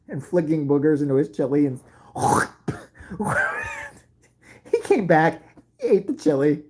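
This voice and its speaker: A woman's voice: sits low, dark tone, breathy edge. A middle-aged woman telling a profane comic story about her school days, brash and laughing as she goes.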